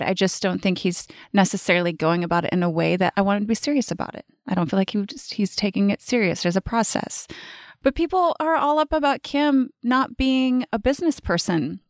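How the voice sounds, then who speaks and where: A woman's voice: medium pitch, no room sound, clean studio sound. A woman in her forties hosting her own life-coaching podcast, talking casually, bluntly and with plenty of swearing. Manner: blunt, profane and animated. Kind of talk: casual solo podcast monologue.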